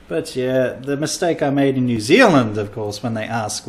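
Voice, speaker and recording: A man's voice: medium pitch, unhurried. Rambling Australian man telling stories. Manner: rambling storytelling, acting out quotes. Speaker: comedian and podcast host. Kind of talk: casual podcast chat.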